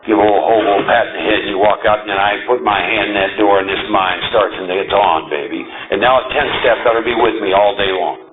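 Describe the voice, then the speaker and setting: A man giving a talk to a recovery group, emphatic and animated, often checking in with the audience. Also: lowish voice, narrow, tinny audio. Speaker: recovery meeting speaker.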